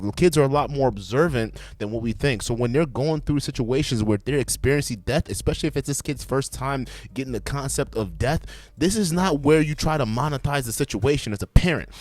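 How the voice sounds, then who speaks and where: A man hosting a reaction video, giving blunt, profane commentary and lecturing his viewers in a loose, animated way. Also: mid-range voice, fairly quick.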